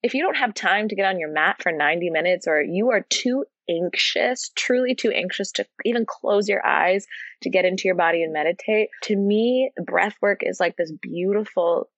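A woman's voice: mid-range voice, normal speed, dry recording, lo-fi sound. A woman in her thirties, a yoga teacher and podcast guest, telling stories in earnest and drawing out key words. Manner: earnest and animated storytelling, draws out key words. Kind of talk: casual podcast conversation.

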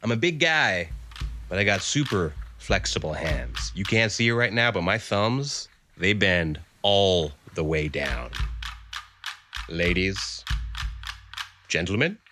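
A man from Canada, telling a comic personal story on stage with dramatic swings from hushed to emphatic. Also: sits low, animated, slow, slight background noise.

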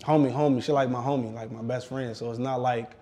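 A man's voice: mid-range voice, fast. A man in his thirties, an interview guest, chatting casually and rambling with lots of fillers while getting used to new dental work in his mouth. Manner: relaxed, rambling, heavy use of "like". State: talking around brand-new dental work. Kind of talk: casual chat.

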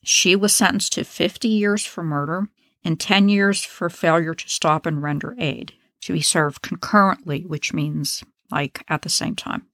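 A woman's voice: on the low side, fairly even intonation, measured pace, a bit bright, dry recording. A woman hosting a true crime podcast, telling a case in a casual, blunt, opinionated way with profane asides.

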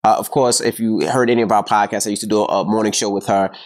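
A man's voice: on the low side, fairly even intonation, fast talker. A middle-aged man hosting a podcast, chatting casually in joking, boastful banter. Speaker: podcast host. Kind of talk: casual chat.

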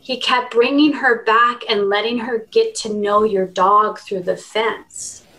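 A woman's voice: a little high, fairly even intonation, a little slow, a bit bright, rough recording. Earnest woman telling heartfelt stories. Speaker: animal communicator podcast guest. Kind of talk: conversational interview.

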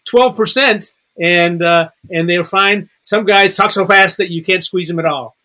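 A man's voice: high voice, a little slow, sharp tone. A man in his sixties, a guest author on a podcast, talking in a playful, rambling way. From Chicago, Illinois area. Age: 60s. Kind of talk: casual podcast chat.

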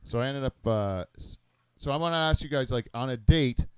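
A middle-aged man hosting a crude casual podcast chat, rambling and halting with many fillers and restarts. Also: mid-range voice, darkish tone. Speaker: podcast host.

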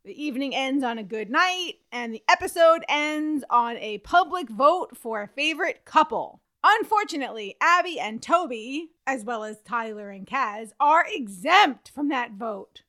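A woman's voice: high voice, moderate pace, hardly any pauses. A woman co-hosting a podcast, chatting casually and sarcastically as she recaps a reality show. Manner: animated, sarcastic, laughs easily. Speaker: podcast co-host.

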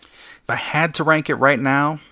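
A man's voice: fairly high pitch, fairly even intonation, unhurried, bright, forceful tone. A man speaking as a podcast guest in casual chat, hesitant, with lots of fillers and laughs.

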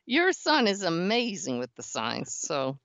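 A woman's voice: fairly low pitch, huge pitch swings, a little slow, fairly bright tone, dry recording. A woman host who works as a medium, chatting in an encouraging way and steering the conversation. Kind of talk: conversational interview. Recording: dull, muffled audio.

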